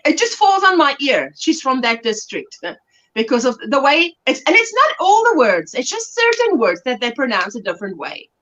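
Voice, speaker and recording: A woman's voice: high-pitched, very animated, normal speed, a bit bright, muffled recording. A middle-aged South African woman hosting a livestream, chatty and laughing as she reads out viewer comments. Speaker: livestream host. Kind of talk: casual chat while crafting.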